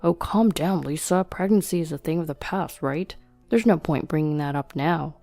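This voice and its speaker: A selfish young husband, bossy and petulant, his complaints low and mellow, as a woman narrator reads him. He whines in a dry, close voice with faint music behind. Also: moderate pace, dry recording. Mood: irritated.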